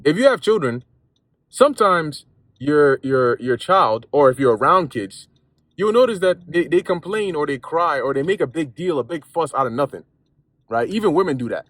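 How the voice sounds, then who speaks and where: Slangy casual Bible-lesson man, higher voice. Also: animated, moderate pace, fairly bright tone, no echo. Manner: conversational and repetitive, with street slang and many restarts. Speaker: lay preacher.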